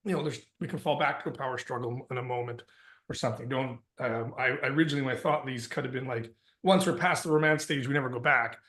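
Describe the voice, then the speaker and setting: A man's voice: medium pitch, quick pace, fairly bright tone. A man co-hosting a relationship workshop, thinking aloud as he talks to a small group. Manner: thinking aloud, restarts and hedges. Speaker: workshop co-host. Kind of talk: relaxed talk to a small group. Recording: echoey room.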